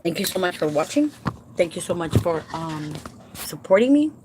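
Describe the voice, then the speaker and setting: A woman who works as a home care provider, talking casually and warmly to her viewers from home, emotional and halting at times. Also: fairly low pitch, sing-song, noisy background. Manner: emotional and heartfelt, addresses viewers as "you guys"; halting with repeated restarts when upset.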